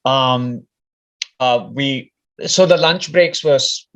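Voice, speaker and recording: A man's voice: medium pitch, very slow, fairly bright tone. A man from India telling a personal story in casual talk, rambling and often restarting his words. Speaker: speaker sharing a personal story. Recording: dull lo-fi recording.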